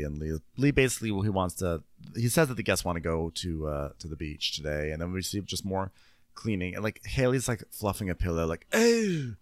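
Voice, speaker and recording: A man's voice: deep voice, clean tone, no echo, studio quality. A man co-hosting a comedy podcast, recapping a reality show in a rambling, wry way. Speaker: podcast co-host.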